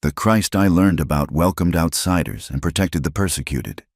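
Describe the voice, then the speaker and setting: A man plays a young frontier woman standing her ground, firm and principled. He pitches her well above his very deep voice, and the expressive storybook read stays dry and close. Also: normal speed, no echo. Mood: defiant. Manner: firm, calling out.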